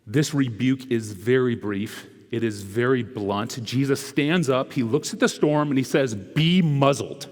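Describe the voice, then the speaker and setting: A male preacher giving a conversational sermon, tossing in rhetorical asides and swinging between loud, quick bursts and hushed, slow lines. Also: mid-range voice. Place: church sanctuary. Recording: echoey church hall.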